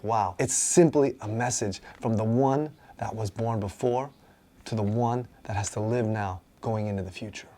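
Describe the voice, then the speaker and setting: A man's voice: mid-range voice, warm tone. A man, a martial arts instructor, casually and enthusiastically explaining a manga page by page, often asking "right?".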